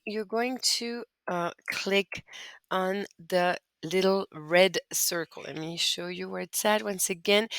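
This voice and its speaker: Fairly low in pitch yet a bit bright, this woman's voice comes through in a dry recording. Her screen-recorded lesson walks French students patiently, step by step, through how to type accent marks.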